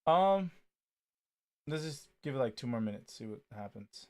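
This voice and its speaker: A man co-hosting a casual chat, reacting to a video with laid-back, often quiet remarks. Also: medium pitch, very animated, normal speed.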